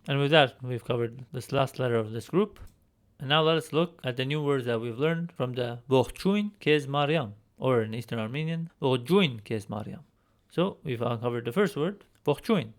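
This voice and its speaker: A patient man with a medium-pitched voice teaches an alphabet lesson. He explains each sound step by step and repeats the words slowly for the learner. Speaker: language teacher.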